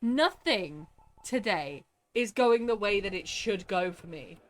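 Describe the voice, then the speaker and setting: A woman streaming a game live, grumbling and exasperated, quick to laugh at herself. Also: mid-range voice, animated.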